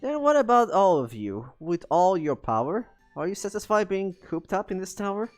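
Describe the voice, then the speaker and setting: A man's voice: high voice, big pitch swings, normal speed, soft background music, voice pushed up. A man voicing a defiant young female ninja in a game, challenging her father in a raised, indignant tone.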